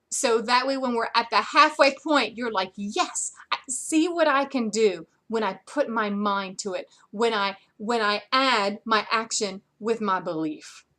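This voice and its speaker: A woman's voice: medium pitch, a bit bright. A woman talking to her sales team in an upbeat, chatty, encouraging way from bed, with plenty of ums. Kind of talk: casual direct-to-camera update. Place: in bed at home.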